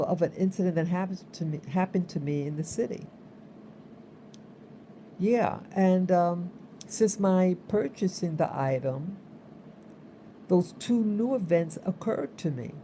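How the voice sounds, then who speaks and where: A woman's voice: on the low side, a little slow, pauses often, mellow, slight background noise. A woman vlogger telling a story in a casual, rambling way, repeating herself for emphasis.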